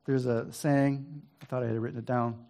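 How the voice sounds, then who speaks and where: A man leading an informal Bible study, reading scripture aloud and then talking it over in a plain conversational way, with hesitant restarts and the odd throat clearing. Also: mid-range voice, fairly even intonation, moderate pace, dark tone. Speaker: Bible teacher.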